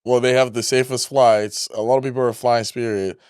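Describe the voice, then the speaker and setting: A laid-back man co-hosts a casual podcast and reacts easily to the stories. His voice is smooth and clean at a middle pitch. The sound is close and dry. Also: flat delivery, a little fast, darkish tone, dry recording. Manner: laid-back, laughs along. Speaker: podcast co-host. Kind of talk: casual chat.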